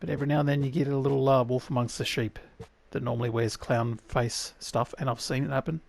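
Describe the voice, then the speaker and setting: A man's voice: mid-range voice, steady tone, fairly quick, dry recording. A man with an Australian accent giving wry, chatty commentary to himself as he plays a survival game. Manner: chatty, wry, talks to himself while playing. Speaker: gaming YouTuber. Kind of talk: casual gameplay commentary. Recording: clear background game noise.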